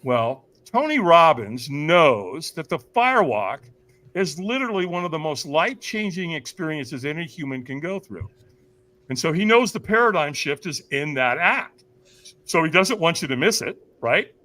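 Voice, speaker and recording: A man's voice: very animated, moderate pace, sharp tone. A man telling a personal story as a podcast guest, acting out other people's lines in jumps of voice and asking the listeners rhetorical questions. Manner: acts out voices of others with big pitch jumps, laughs often; addresses listeners as "you guys", asks rhetorical questions. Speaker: podcast guest, firewalk instructor. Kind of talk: animated storytelling.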